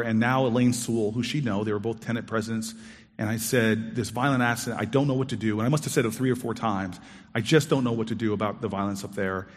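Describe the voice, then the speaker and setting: Male storyteller, mid-pitched, animated and expressive with acted-out dialogue; reverberant hall sound. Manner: animated, acts out quoted dialogue with big pitch jumps. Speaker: storyteller on stage. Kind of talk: personal storytelling talk.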